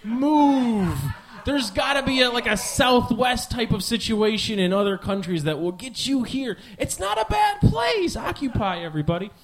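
A Midwestern man in his twenties hosts a podcast, launching into a rambling comedic monologue full of profanity and jokes at his own expense. His voice is very high-pitched, with lively intonation at a normal speed.

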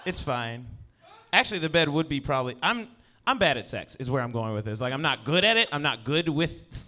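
On stage before a live audience, a male comedian does a rambling, self-deprecating stand-up set, constantly checking in with the crowd by asking "you know what I mean." His voice is fairly high, expressive and fairly quick, with a noisy background.

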